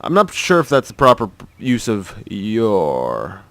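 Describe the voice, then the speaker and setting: A man's voice: lowish voice, wildly swooping pitch, measured pace, a bit bright, no room sound. A man casually talking through a video game playthrough, chatty, wry and rambling with restarts. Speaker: gaming video host.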